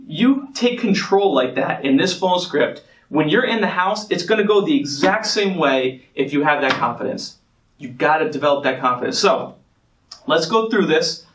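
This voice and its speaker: A man's voice: on the high side, a bit bright, reverberant, far from the mic. A man coaching salespeople on a phone script, confident and emphatic, acting out bits of the call as he explains them. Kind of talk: sales training talk.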